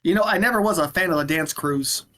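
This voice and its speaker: A man's voice: a little high, fast talker, pushed and bright. A man playing a tabletop game, joking around playfully with the table. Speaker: player. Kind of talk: casual chat at a tabletop game.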